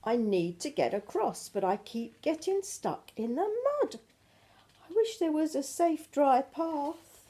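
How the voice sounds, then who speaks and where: A frustrated storybook dog, stuck in the mud and wishing for a way across, as an older woman reads him. He complains in a mellow, fairly high voice. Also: big pitch swings, a little slow.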